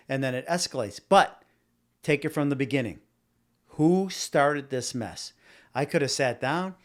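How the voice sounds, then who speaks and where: A man's voice: medium pitch, lively intonation, normal speed. A man in a mid-range voice hosts a casual opinion podcast. He rambles and circles back on himself, stumbling over repeated words. He argues his point and speaks straight to the people watching live. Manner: talks directly to live viewers. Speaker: podcast host.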